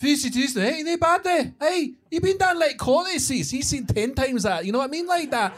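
A man's voice: very high voice, lively intonation, fairly bright tone, pitched above the performer's own voice. A man doing a rambling Scottish local. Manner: rambling, rapid.

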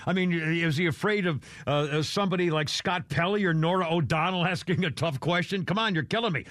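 An older man with a higher-pitched voice hosts a talk radio show. He rambles in a folksy way, with chuckles and filler, into a dry close mic. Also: a little fast, a bit bright, no echo. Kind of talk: casual opinionated talk radio.

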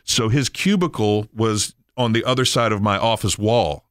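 A man hosting a radio show, chatting casually and telling animated stories. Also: on the low side, moderate pace, no echo, studio quality. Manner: storytelling, animated in anecdotes.

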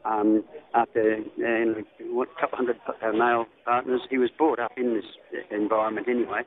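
A man's voice: medium pitch, level tone, fairly quick. Australian man calling in over a phone line. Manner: rambling, many ums and restarts. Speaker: caller to a radio show. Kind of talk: casual phone call.

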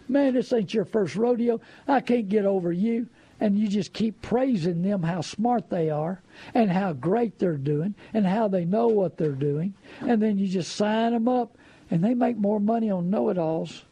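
Folksy man with a gravelly voice. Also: high voice, dark tone, dry recording. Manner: folksy, preachy, asks rhetorical questions. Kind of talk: casual advice talk.

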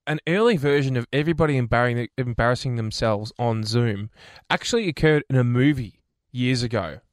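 A man's voice: mid-range voice, no room sound, studio quality. A man hosting a radio show, chatting playfully and laughing easily. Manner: playful, animated storyteller, quick to laugh. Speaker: radio host. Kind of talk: casual radio chat. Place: radio studio. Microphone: studio microphone.

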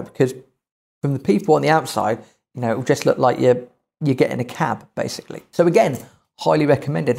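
A man's voice: on the high side, creaky, a little mellow, slightly rough. A man hosting a podcast who tells travel anecdotes in casual chat. He rambles, restarts sentences and says "you know" often. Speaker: podcast host.

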